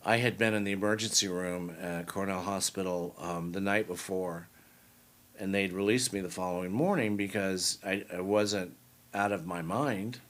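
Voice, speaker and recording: An older man, a comedian guest, telling stories in a casual interview, soft-spoken and acting out the voices of people he quotes. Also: low-pitched, fairly even intonation, normal speed. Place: studio talk set.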